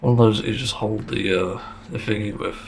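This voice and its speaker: Gravelly low-voiced man talking bluntly. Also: fairly even intonation, brisk, a little hiss or hum. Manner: blunt and sweary, with a frank complaining tone; sarcastic at times. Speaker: podcast host. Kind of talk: casual solo podcast monologue.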